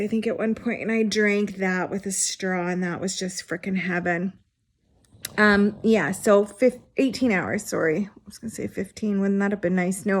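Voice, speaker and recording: A woman's voice: mid-range voice, vocal fry. Frank woman in her forties. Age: 40s. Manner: frank and unfiltered, with swearing and wry laughs. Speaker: vlogger sharing her illness story. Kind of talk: candid personal storytelling.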